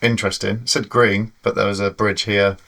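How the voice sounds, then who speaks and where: A man's voice: on the low side, level tone, a little fast, gravelly, a bit bright. A man chatting casually as he works on a drone at his workbench, frustrated and self-mocking about his setbacks. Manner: chatty and exasperated, sighing and laughing at setbacks. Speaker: FPV drone hobbyist vlogger. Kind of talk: casual running commentary while tinkering.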